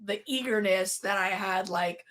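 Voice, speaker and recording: A woman in casual podcast chat, animated and laughing, talking about dispatch work. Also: mid-range voice, unhurried. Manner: animated, laughing, acts out callers.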